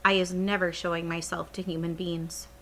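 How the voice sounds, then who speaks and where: A woman voicing a gentle, stubborn old male giant in a read-aloud children's story, speaking with folksy, jumbled grammar. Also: on the low side, flat delivery, moderate pace, a little hiss or hum, lightly acted.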